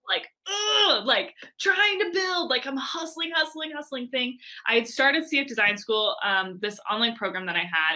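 A woman's voice: a little high, bright, forceful tone. A young adult woman, a guest on an interview show, telling a story animatedly with many fillers and acted-out voices.

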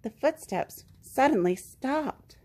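A woman reading a children's picture book aloud, gently and expressively. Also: sits high, expressive, slow, breathy edge. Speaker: children's story reader.

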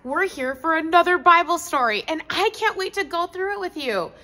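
A woman's voice: extremely high pitch, moderate pace, big-room sound. A woman teaching a children's Bible lesson, talking animatedly to a pet dog and to the children. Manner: animated, talks to an unseen puppet dog. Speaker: preschool teacher.

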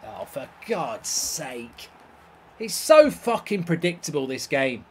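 A man commenting live on a football video game, swearing and reacting loudly to each play. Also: a little high, sing-song, slow, noisy background. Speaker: YouTube gaming host.

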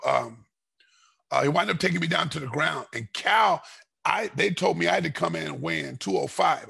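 Gravelly, breathy man telling a rambling story. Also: fairly high pitch. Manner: rambling, restarts a lot, gets loud and heated telling the story. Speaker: guest, former fighter. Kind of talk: storytelling interview. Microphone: podcast microphone.

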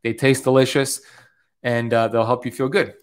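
A keto diet coach in his thirties addresses the camera with motivational, upbeat preaching, frequently adding "okay?" to check in. His mid-range voice is level and clean, and his pace is moderate.

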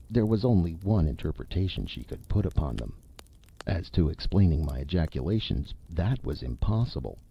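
A man narrates an old tale in a very deep, husky voice with lively swings of pitch. The reading is expressive and measured. It sounds like a somewhat dull, lo-fi recording. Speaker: audiobook narrator. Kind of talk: storytelling narration of a classic short story.

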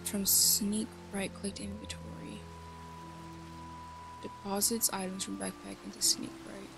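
A woman's voice: medium pitch, level tone, a little slow, vocal fry, over music. A woman giving casual gameplay commentary, chatty and thinking aloud, joking at herself. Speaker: let's play host.

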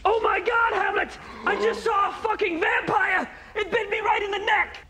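An actor playing a hammy stage actor as Othello, declaiming in an overblown theatrical way, with music underneath. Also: male voice, extremely high pitch, normal speed, reverberant, a crowd in the background, background noise. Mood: panicked. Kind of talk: sketch comedy acting.

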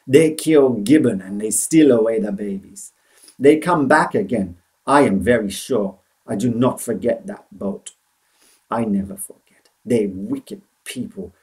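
A man voicing a patient old Japanese man in a storybook reading, speaking slow, halting broken English with a put-on Japanese accent. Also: medium pitch, a little mellow, close to an everyday voice.

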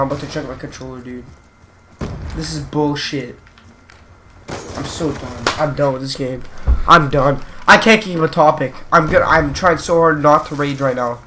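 Gaming host, male, bright and a bit high, rambly and quick to rage at the game. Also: a little hiss or hum. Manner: rambling, easily frustrated, swearing at the game. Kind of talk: casual gameplay commentary.

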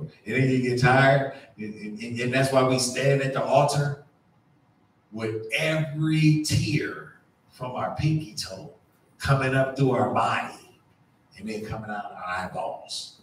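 A man preaching a sermon, animated and conversational, acting out voices and dropping to a hush. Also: mid-range voice, unhurried, slight background noise. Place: church sanctuary. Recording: echoey church from far off.

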